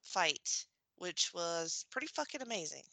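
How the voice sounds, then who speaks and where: A woman's voice: on the low side, very animated, unhurried, gravelly, bright, forceful tone, no echo. A woman co-hosting a podcast, guiding the movie discussion with short, blunt prompts. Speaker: podcast co-host steering the talk.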